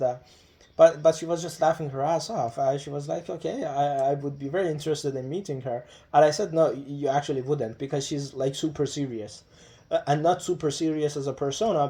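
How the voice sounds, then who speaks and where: A man's voice: mid-range voice, warm tone. A man talking to the camera in a casual, reflective monologue. He hesitates often, with many fillers and restarts. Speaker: vlogger.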